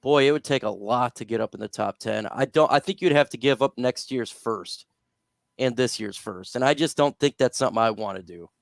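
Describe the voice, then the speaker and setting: A man's voice: mid-range voice, a little fast, vocal fry, no echo, clean studio sound. Upbeat man hosting a sports stream. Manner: upbeat, plugs his radio show. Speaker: host. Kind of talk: casual sports talk livestream.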